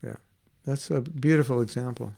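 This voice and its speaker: A man's voice: medium pitch, moderate pace, creaky, dark tone, breathy edge. A man giving an informal devotional class, chatty and laughing as he tells stories and acts out the voices in them. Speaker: spiritual teacher giving a class.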